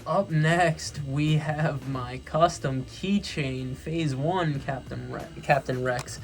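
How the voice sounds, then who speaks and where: A man's voice: on the high side, slow, faint music behind. A young man with a New York accent casually reviewing his toy collection, enthusiastic and rambling, often correcting himself.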